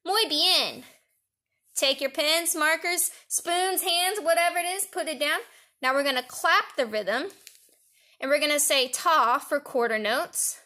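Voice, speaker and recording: A woman's voice: high voice, expressive, moderate pace, pushed and bright. A woman music teacher leading young children through an online lesson, counting them in and chanting rhythms for them to clap along. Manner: cheerful, leads chants and clapping with counts. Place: home recording for distance learning.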